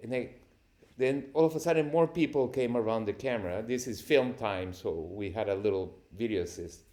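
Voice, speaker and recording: A man, a cinematographer guest on a podcast, telling lively anecdotes with frequent laughter. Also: mid-range voice, moderate pace. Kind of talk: storytelling interview answers.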